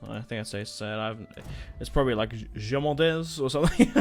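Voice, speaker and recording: A man's voice: fairly low pitch, big pitch swings, fast. A young man giving casual, rambling commentary on a strategy game, thinking aloud with fillers. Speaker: gaming YouTuber.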